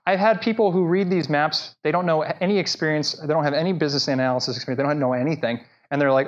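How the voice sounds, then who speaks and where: Energetic male presenter, lo-fi live talk. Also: a little high, racing, few pauses. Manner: conversational, energetic, addresses audience directly. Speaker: speaker at a live professional talk. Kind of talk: conference presentation. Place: presentation room. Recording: dull lo-fi live talk recording.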